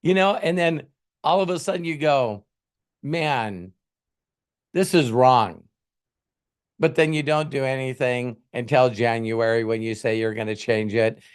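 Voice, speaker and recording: The host, a motivational coach, has a clear, resonant, medium-pitched voice with fairly even intonation and a moderate pace. His casual talk rambles like a conversation, with little scenes he acts out.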